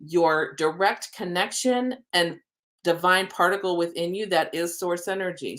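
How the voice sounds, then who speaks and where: A woman's voice: on the low side, fairly bright tone. A woman who works as an oracle card reader and soul coach, hosting a live-streamed card reading. She talks in an upbeat, rambling way with plenty of ums and spiritual language. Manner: chatty, rambling, frequent ums.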